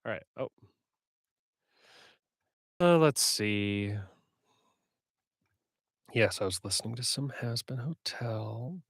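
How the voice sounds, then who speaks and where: Man, slightly scratchy voice, casual stream chatter, unhurried, dry close sound. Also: medium pitch, expressive, no echo. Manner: rambling self-talk while setting up software. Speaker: streamer and audiobook narrator. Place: home recording setup.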